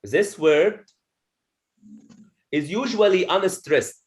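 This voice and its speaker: A man teaches pronunciation to a class, with a fairly high voice that swings widely in pitch. He speaks slowly and deliberately, repeats his points and keeps asking the room "okay?". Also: expressive. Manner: slow, repeats each point, checks with "okay?". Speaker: English teacher. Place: classroom with students.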